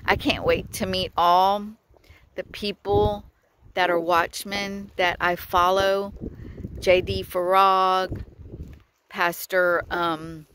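Breathless woman, slow outdoor phone vlog. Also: lowish voice, flat delivery, fairly bright tone, slight background noise, poor audio. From Texas. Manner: slow, earnest, with frequent laughs and pauses. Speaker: vlogger. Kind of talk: casual religious vlog. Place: outdoors by the water at sunset.

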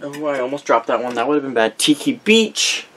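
A man's voice: mid-range voice, steady tone, a little fast, heavy background noise. A young man chatting casually in a vlog, reading out a list of names and often correcting himself as he goes. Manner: rambling, reads out names with frequent self-corrections. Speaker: vlogger showing a candle collection. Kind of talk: casual chat.

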